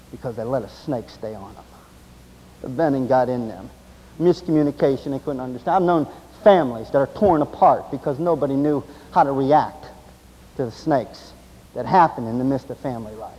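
A man preaching a sermon, swinging between loud, intense passages and low, quiet stretches. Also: animated, moderate pace, breathy edge. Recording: long hall reverb.

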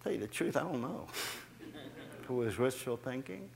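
A man preaching a sermon in a church, animated, building in volume and laughing at himself as he goes. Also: mid-range voice, a little slow, creaky, in a large hall. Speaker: guest preacher. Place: church sanctuary.

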